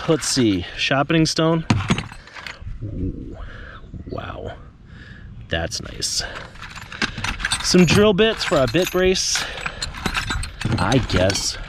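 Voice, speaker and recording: A man's voice: mid-range voice, very animated, slow pace, pauses often. Chatty joking guy vlogging out on a suburban street, voice bouncing around a lot, noisy outdoors. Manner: chatty, joking asides to viewers. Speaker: trash-picking vlogger. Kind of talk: casual vlog talk to camera.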